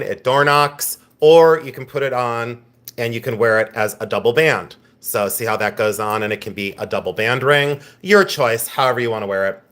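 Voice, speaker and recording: A man running a live online auction, chatting and joking with viewers by name while pitching each item with breezy enthusiasm. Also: a bit bright. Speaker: live-stream auction seller.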